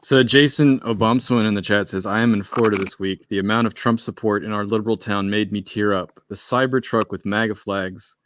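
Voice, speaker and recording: A man hosting a live stream, reading out chat messages and tossing in sarcastic asides. His voice is low and dry, with no room sound around it. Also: steady tone, brisk, few pauses, no echo. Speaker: livestream host reading chat. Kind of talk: casual livestream commentary.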